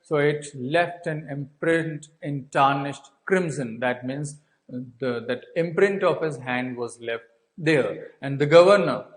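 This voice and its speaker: Male teacher, Indian accent, unhurried delivery, slightly high voice, rhetorical questions. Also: low-quality recording. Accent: Indian English. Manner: asks rhetorical questions and answers them. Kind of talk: explaining a textbook story to a class.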